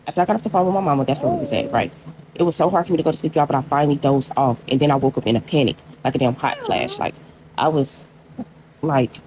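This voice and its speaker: A woman's voice: deep voice, racing, muffled recording, background noise. A young woman telling a personal storytime casually, talking straight to viewers with lots of filler words. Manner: chatty, addresses viewers as y'all, many likes.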